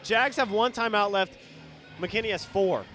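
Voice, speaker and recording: A young man doing color commentary on a high school basketball game, indignant about the refereeing. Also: measured pace, pushed and bright, soft background music.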